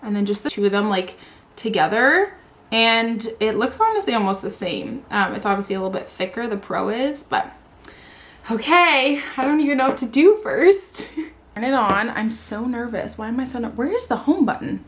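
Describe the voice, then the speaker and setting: A woman's voice: on the high side, sing-song, normal speed, a bit bright. Squealing, gushing young woman vlogger. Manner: squealing, gushing, says "like" and "oh my god" a lot. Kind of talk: excited unboxing vlog.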